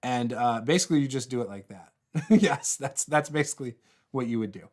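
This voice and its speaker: A man's voice: medium pitch, fairly quick, a little mellow. A man hosting a casual tabletop RPG livestream, rambling and laughing often, with many fillers and restarts as he answers viewer comments.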